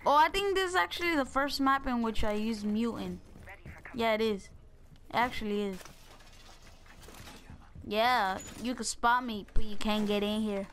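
A young woman giving casual, excitable gameplay commentary, joking and talking straight to her viewers. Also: a little high, unhurried, long pauses. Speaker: gaming video creator.

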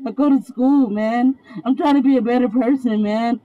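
A woman's voice: fairly high pitch, normal speed, narrow, tinny audio. A young woman in pain, crying and begging over and over from the back of a moving police car. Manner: begging, repeating herself. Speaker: detained woman.

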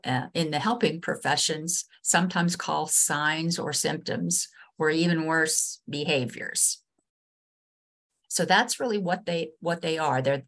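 A woman trainer with a West Virginian accent giving a webinar lesson over a video call, earnest and halting, with many restarts and fillers. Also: deep voice, a bit bright. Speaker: state ombudsman and trainer.

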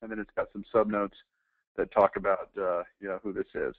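A man's voice: on the low side, little pitch movement, a little fast. Man with a tinny, phone-like sound. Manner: offhand, with hesitant fillers. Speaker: presenter reviewing old ads. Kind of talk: casual commentary while reading aloud.

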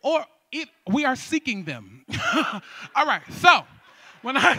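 A man's voice: extremely high pitch, big pitch swings, slow, bright, forceful tone, husky, no room sound. A man emceeing a poetry slam on a theater stage, doing playful hype crowd-work with teasing asides. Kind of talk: live event hosting.

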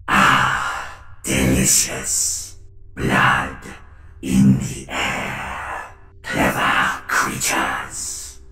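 A man voicing a savage insectoid monster through a voice changer, with an exaggerated gravelly growl. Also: a bass voice, monotone, very slow, sharp tone, reverberant, distant mic, pitched below the performer's own voice, exaggerated voice. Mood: predatory. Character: insectoid monster hunter, male, hungry and savage. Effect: voice changer filter.

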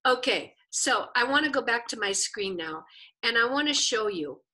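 A woman teaching a lesson, telling a story in an animated way and acting out the people in it. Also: a little high, moderate pace. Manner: animated storyteller who acts out the people she quotes. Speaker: Bible and Hebrew teacher. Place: teaching a class with a screen.

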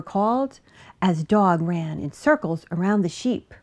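A woman reading a children's picture book aloud with an expressive, animated delivery. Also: lowish voice, unhurried. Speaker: storybook reader. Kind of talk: children's story read-aloud.

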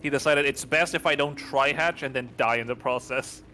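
A man's voice: medium pitch, normal speed, sharp tone. A man co-casting a tournament live, explaining game mechanics and strategy in an analytical way. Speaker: esports co-caster and analyst. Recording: clear background noise on the mic.

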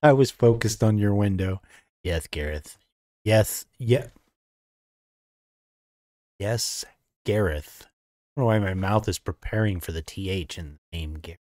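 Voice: low-pitched, normal speed, a little mellow. A co-host on a live painting stream with a slight lisp, chatting casually and reading out viewer comments.

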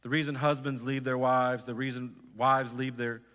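A man's voice: mid-range voice, little pitch movement, normal speed, fairly bright tone, big-room sound. A man preaching a sermon as pastor, earnest, repeating phrases and putting direct questions to his congregation. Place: church sanctuary.

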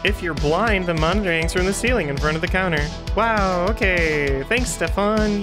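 A woman's voice: lowish voice, animated, moderate pace, few pauses, over music. A woman giving let's play commentary on a horror game, chatty and jumpy with frequent laughter. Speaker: gaming streamer.

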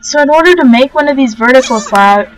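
A young woman hosting a casual let's-play, gushing and excitable as she talks to the animals in the game. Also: high-pitched, fairly quick, poor audio. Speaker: gaming channel host. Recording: faint game music behind.

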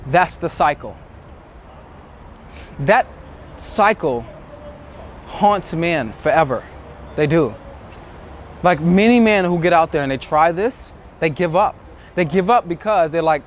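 Man, dating coach, emphatic motivational talk, higher pitched voice, outdoors in the city, faint traffic. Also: expressive, unhurried, long pauses. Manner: emphatic, acts out inner thoughts in quoted asides.

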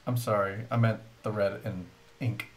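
A man's voice: lowish voice, steady tone, moderate pace. A man playing a board game on a stream, making short, dry remarks. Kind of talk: casual chat while playing a board game.

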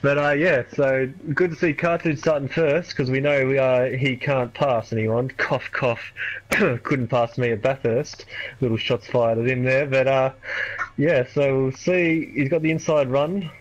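A man's voice: medium pitch, a little slow. Man giving race analysis, slightly muffled. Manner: relaxed, analytical, teasing. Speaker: co-commentator. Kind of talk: sim racing color commentary.

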